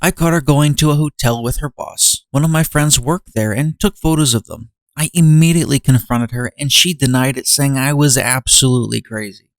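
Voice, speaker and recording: A man's voice: mid-range voice, normal speed, no room sound. A man hosting a show, reading an online story aloud and breaking in with exasperated comments of his own. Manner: reads first-person posts aloud, breaks in with exasperated asides.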